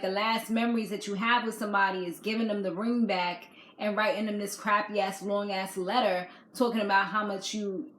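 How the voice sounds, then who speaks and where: A woman giving a casual video recap of a reality show, chatty and animated, full of fillers. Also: mid-range voice, roomy sound, slight background noise, poor audio.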